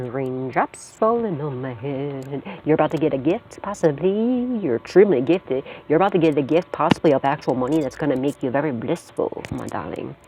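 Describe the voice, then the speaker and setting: A woman's voice: sits low, lively intonation, fast talker, hardly any pauses, warm tone, slight background noise. A woman giving a casual tarot reading to her viewers, blunt and repetitive, swearing freely and laughing often. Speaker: psychic tarot reader.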